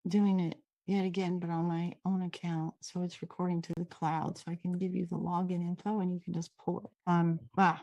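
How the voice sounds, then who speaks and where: A woman with a Pacific Northwest accent, from Washington State, leads an upbeat, casual training session full of tangents through her computer microphone. She talks a little fast with few pauses, in a warm, fairly low, level voice, and the audio is dry and dull.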